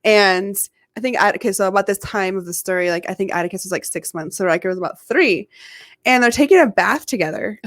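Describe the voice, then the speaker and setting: A woman's voice: mid-range voice, a little fast, fairly bright tone, no echo, clean studio sound. A woman co-hosting a podcast, chatting casually and telling stories about her kids with lots of laughter. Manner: chatty storyteller, laughs often, acts out her kids' voices. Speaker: podcast co-host. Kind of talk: casual chat.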